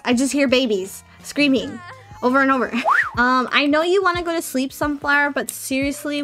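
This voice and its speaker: A gameplay streamer with a high, rather bright female voice talks to her viewers during a casual let's play, teasingly scolding the characters in her game.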